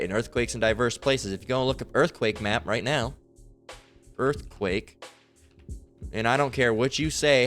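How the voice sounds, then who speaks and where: A man's voice: mid-range voice, fairly bright tone. Heated, rambling man with faint music. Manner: rambling, heated, profane, street slang. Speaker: online Bible teacher. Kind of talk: informal scripture commentary.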